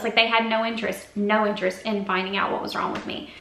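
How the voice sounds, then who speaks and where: A woman's voice: medium pitch, little pitch movement, fast, sharp tone, a little hiss or hum. A woman vlogger giving an earnest, rambling, confessional update to her camera's built-in mic indoors. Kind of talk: personal health update to camera. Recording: echoey room sound.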